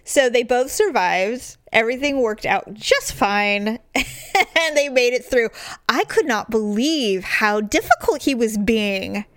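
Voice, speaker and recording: A middle-aged woman chats casually as a host, spinning an animated story and slipping into the voices of the people she quotes. Her voice sits a bit high and sounds dry and close, with no room around it. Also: measured pace, no room sound. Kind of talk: casual chat.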